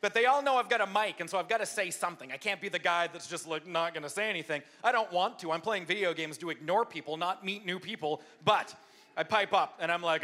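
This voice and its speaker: A man preaching as a pastor to a live church audience, telling a funny self-deprecating story with lively impressions. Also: high-pitched, fast talker. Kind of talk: humorous storytelling sermon.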